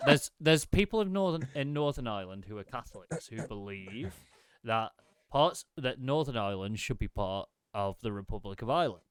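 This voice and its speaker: A man on a podcast talking casually, his voice clear and smooth and recorded close and dry. He laughs easily and stumbles over restarts as he explains things. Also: medium pitch, lively intonation, dry recording. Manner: laughs often, halting restarts while explaining. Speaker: podcast co-host. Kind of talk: casual chat.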